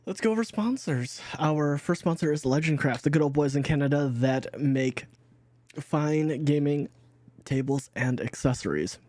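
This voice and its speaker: A man's voice: a little high, normal speed, darkish tone, no room sound. Rambling man reading sponsors, dry sound. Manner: rambling, restarts, laughs easily. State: has the hiccups. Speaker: game master. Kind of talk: casual sponsor read.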